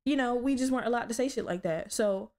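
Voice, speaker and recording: A young woman hosting her own podcast, telling stories in a blunt, profane, animated way. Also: a little high, fast. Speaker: podcast host. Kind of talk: casual solo podcast chat.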